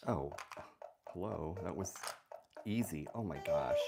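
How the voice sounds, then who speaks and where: A woman's voice: a bass voice, animated, normal speed, loud music behind the voice. A woman hosting a puzzle livestream, chatting casually and playfully, joking at her own expense and reading the chat aloud. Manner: playful, self-mocking, reads chat aloud.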